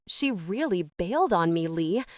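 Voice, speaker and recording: A woman's voice: on the low side, big pitch swings, unhurried, no room sound. Sarcastic 18 yr old guy, woman reading him in an audiobook, short clipped lines, dry close mic. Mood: bitter, ashamed. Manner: terse, sarcastic. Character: ashamed, guarded eighteen-year-old young man.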